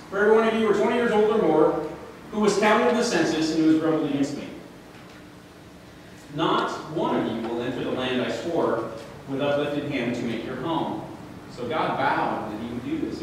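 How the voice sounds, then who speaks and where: A male pastor with a high-pitched voice gives a sermon, joking and chatting between scripture readings. He is recorded from far off in a church hall with a long, echoey reverb. Faint room ambience sits underneath. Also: normal speed, long pauses, a little hiss or hum. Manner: conversational, joking preaching with scripture read aloud.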